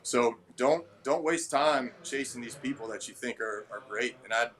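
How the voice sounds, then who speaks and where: A man who owns a gym talks in a casual interview. His voice sits at a middle pitch, and his manner is blunt and a little abrasive as he acts out people's lines in stories. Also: moderate pace, a bit bright. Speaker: gym owner and trainer.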